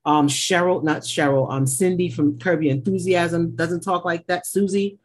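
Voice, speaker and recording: A woman's voice: fairly low pitch, steady tone, normal speed, breathy edge. A woman co-hosting a casual TV recap, blunt, opinionated and swearing freely. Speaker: podcast co-host.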